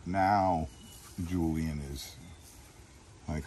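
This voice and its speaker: A man's voice: fairly low pitch, unhurried, darkish tone, slight background noise. A man vlogging while feeding animals outdoors, chatty and coaxing with them. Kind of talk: casual vlog chat.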